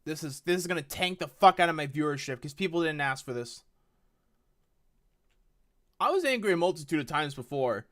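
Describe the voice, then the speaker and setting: A woman's voice: low-pitched, lively intonation, brisk, pauses often, a bit bright. A woman streaming a game live, talking bluntly to her chat and swearing heavily in frustration.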